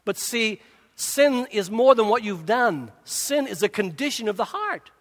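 A middle-aged male pastor preaches in an earnest, conversational way, stumbling over words and asking his listeners questions. His voice sits a little high for a man. A long reverb from a large hall trails behind him. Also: big pitch swings, a little slow. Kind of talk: sermon.

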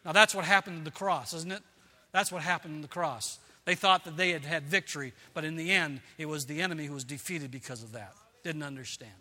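A man's voice: on the high side, brisk, pushed and bright, in a large hall. A male pastor preaching a sermon in an earnest way, repeating phrases for emphasis.

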